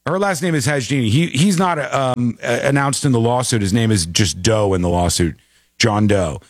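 A man's voice: mid-range voice, normal speed, dry recording, clean studio sound. A man hosting a casual commentary show, talking in an incredulous, joking way. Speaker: show host.

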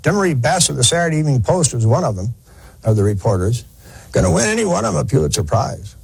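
A man's voice: mid-range voice, big pitch swings, fast, gravelly, breathy edge, low-quality recording. A man telling a war story in a folksy, conversational lecture, with fillers and restarts. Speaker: historian lecturer.

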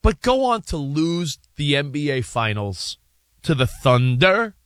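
A man's voice: fairly high pitch, sing-song, measured pace, dry recording, clean studio sound. A man co-hosting a sports talk show, posing long rambling hypotheticals in casual debate.

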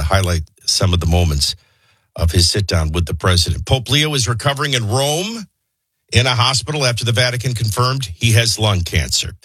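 A man's voice: mid-range voice, a bit bright, breathy edge, no echo. A man hosting a morning radio talk show, running through the news with opinionated, sarcastic asides in a conversational tone. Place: radio studio. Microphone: studio microphone.

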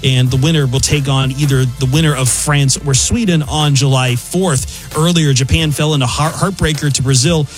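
A man reading a sports news update in a brisk, informative way. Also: mid-range voice, steady tone, faint music behind.

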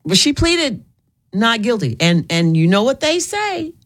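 A woman's voice: fairly high pitch, sing-song, a little slow. A woman radio host, chatting with callers in an emphatic, repetitive way. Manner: chatty, emphatic, repeats herself. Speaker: radio talk show host. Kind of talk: call-in radio talk.

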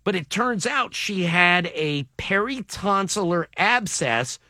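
Upbeat male morning radio host, bright, animated pitch, dry studio sound. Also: no echo. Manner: animated, joking, quick to laugh. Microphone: studio mic.

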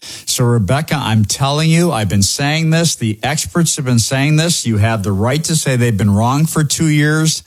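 An American man, a financial advisor, hosts a conversational money show. His delivery is folksy and dryly sarcastic, and his voice sits at an ordinary middle pitch. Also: normal speed.

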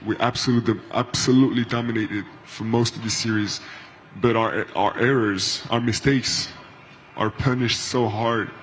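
A man speaking at a post-game press conference in measured, searching words. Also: lowish voice, steady tone, a little hiss or hum, rough recording.

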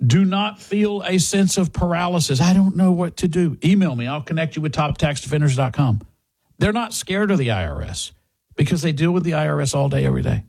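Guy doing a pushy radio ad read, voice a bit high. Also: vocal fry, husky. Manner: urgent, persuasive. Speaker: ad reader.

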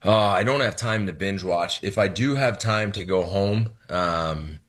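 Deep husky-voiced football coach. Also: male voice, measured pace, a bit bright. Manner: earnest, friendly, repeats words. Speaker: head football coach, guest. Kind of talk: casual interview chat.

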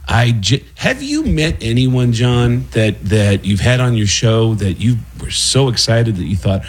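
A man, a comedian known for voices, chatting as a guest and telling animated stories about his work. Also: mid-range voice, a little slow, husky. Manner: animated storyteller who slips into impressions. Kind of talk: casual radio interview chat.

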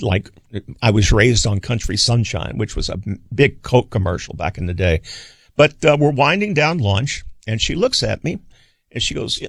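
Gravelly older man telling stories. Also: lowish voice, no echo, clean studio sound. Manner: rambling, halting storyteller with many fillers. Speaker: radio executive and author guest. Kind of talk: casual interview storytelling.

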